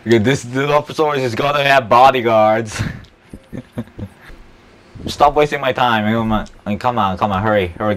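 A gameplay YouTuber with a medium-pitched voice gives casual, chatty let's-play commentary on a park-building game, with a little hiss or hum on the audio. He's excitable, talks to the dinosaurs, and laughs often.

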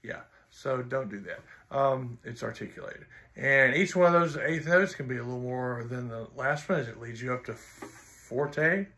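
Blunt, gravelly music teacher. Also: male voice, mid-range voice, moderate pace, bright, forceful tone. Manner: blunt, teasing, counts and sings rhythms aloud. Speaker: trombone teacher. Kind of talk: instructional video.

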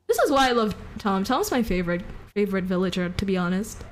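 A woman's voice: mid-range voice, lively intonation, fast. A young woman live-streaming a game, chatting casually, giggling, swearing and answering chat.

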